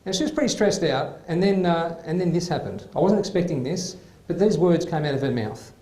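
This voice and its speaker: High-voiced Australian comedy host, echoey club. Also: male voice, fairly quick. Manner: animated, mimics people in his stories. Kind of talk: stand-up anecdotes. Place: club venue. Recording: echoey room with faint noise.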